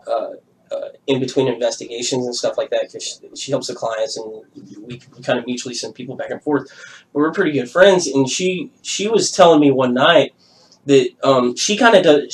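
A man's voice: mid-range voice, poor audio. A man co-hosting a paranormal podcast, chatting casually and rambling a little. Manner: rambling, self-deprecating. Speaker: podcast co-host. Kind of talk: casual chat.

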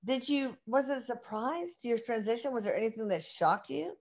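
A woman's voice: a little high, lively intonation, a little fast. A woman interviewing a medium, asking questions eagerly and chiming in with short replies.

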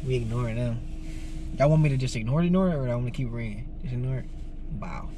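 A man's voice: medium pitch, fast, warm tone, slight background noise. A man talking casually to the camera in a prank vlog, laughing and joking in slangy banter. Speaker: prank vlogger. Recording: music playing behind.

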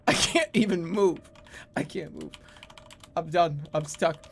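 A man's voice: fairly high pitch, measured pace, gravelly, a little hiss or hum. A young adult man streaming a game in casual commentary, laughing often, exclaiming and swearing freely.

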